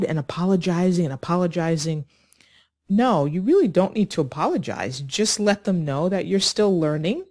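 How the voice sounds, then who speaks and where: A woman teaching an online English lesson, speaking slowly and clearly in an encouraging way. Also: sits low, a little mellow. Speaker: ESL teacher.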